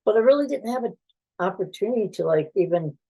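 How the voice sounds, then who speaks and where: A man, a mental health professional, talking haltingly and defensively in a tense conversation, often trailing off. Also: sits high, expressive, slightly rough, lo-fi sound.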